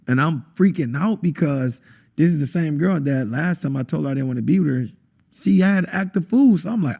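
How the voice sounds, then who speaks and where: Husky man telling a dramatic testimony. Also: lively intonation, brisk, warm tone. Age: adult, has a wife. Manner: intense, acts out quotes with sudden high bursts. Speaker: podcast guest. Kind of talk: emotional testimony in conversation.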